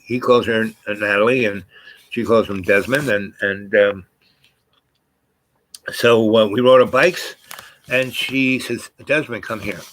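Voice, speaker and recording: A man's voice: fairly low pitch, a bit bright, no echo. A man telling a personal story in a casual, meandering way, full of fillers and restarts.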